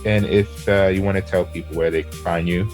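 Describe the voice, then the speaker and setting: A man's voice: low-pitched, fairly even intonation, fairly quick, a little mellow, faint music behind. A man from the American Northeast hosting a casual podcast interview, laid-back, swearing casually and laughing a lot. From Northeastern United States. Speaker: podcast host.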